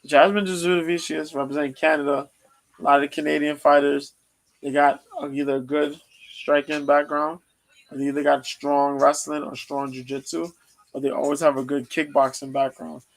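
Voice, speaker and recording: Gravelly man casually previewing fights. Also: a little high, level tone, moderate pace, low-quality recording. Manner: loose, rambling, lots of ums. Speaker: podcast host previewing fights.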